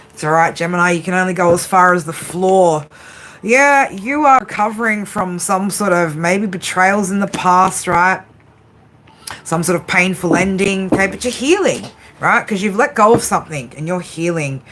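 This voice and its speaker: A woman doing a casual tarot reading, tired late at night, chatty, swearing freely and tagging her lines with "right?". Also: lowish voice. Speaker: tarot reader. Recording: steady background noise.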